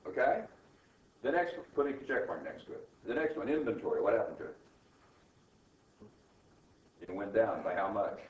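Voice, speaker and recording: A man lecturing an accounting class, brisk and coaching, firing rhetorical questions at his students. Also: fairly low pitch, a little mellow. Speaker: accounting instructor. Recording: echoey classroom, distant mic, dull and lo-fi.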